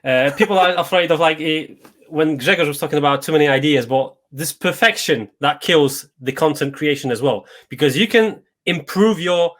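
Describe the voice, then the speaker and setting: A man's voice: a little high, normal speed. Hesitant man hosting a live stream. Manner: hesitant, restarts phrases, relaxed. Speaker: host. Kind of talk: casual live-stream chat.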